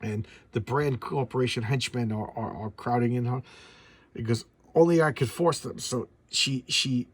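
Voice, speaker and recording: In a dry recording, a comic collector in middle age reviews old comics in a casual chat. His voice is mid-range and slightly rough, moving at a moderate pace, and he rambles with enthusiasm, often stumbling and restarting sentences.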